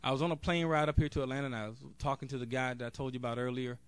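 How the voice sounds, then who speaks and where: A man's voice: mid-range voice, steady tone, very fast, clear, resonant tone, no echo. A man, a national board member, giving an earnest, direct convention speech off the cuff, with a few restarts. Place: convention hall.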